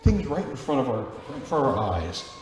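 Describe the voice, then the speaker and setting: In a large, very echoey church with long reverb and faint ambience, a male Catholic priest delivers a conversational Sunday homily, frequently asking the congregation questions. He speaks fairly quickly at medium pitch, his slightly mellow voice swinging widely in pitch.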